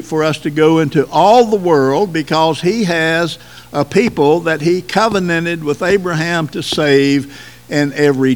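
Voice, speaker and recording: A man preaching a sermon, pausing often and stressing words slowly. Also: on the high side. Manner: deliberate preaching with slow emphatic pauses. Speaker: pastor.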